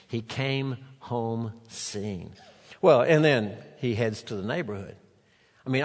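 Man, preacher, lively sermon storytelling, acts out voices, medium pitch, reverberant church hall. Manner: animated storytelling, acting out the characters' lines. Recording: long reverb of a large hall.

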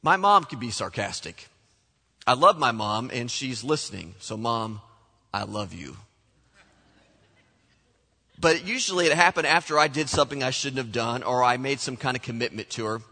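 A man preaching a sermon as pastor, animated, acting out the voices he quotes. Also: mid-range voice, moderate pace, long pauses. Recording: long hall reverb.

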